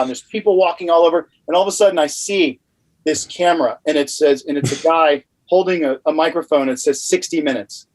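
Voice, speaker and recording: Animated man telling a story. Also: fairly high pitch, brisk, poor audio. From Louisiana. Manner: animated, rambling with many fillers. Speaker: podcast guest. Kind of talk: casual storytelling.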